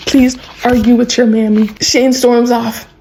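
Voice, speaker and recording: Excitable young woman chatting. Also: a little high, a little slow, slight background noise, rough recording. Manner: excitable, laughing, full of "like" and "bro". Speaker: vlogger. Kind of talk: casual chat, recapping a show.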